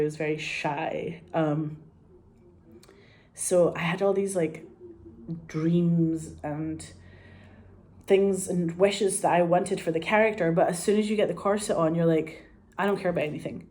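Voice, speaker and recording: Laughing, foul-mouthed woman with a mellow voice. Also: deep voice, a little slow, slight background noise. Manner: animated and profane, laughing often, rambling. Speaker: actress. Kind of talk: casual anecdote.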